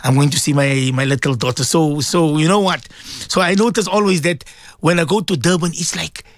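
A middle-aged man from South Africa presenting a radio show, chatting warmly with listeners and reading out their messages with frequent laughs. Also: on the high side, moderate pace, no room sound, studio quality. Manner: chatty, affectionate, laughs often.

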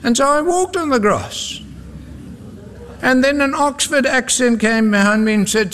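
A man's voice: very high voice, measured pace, big-room sound, background noise. A South African man preaching a sermon, emphatic and repetitive, with humorous asides.

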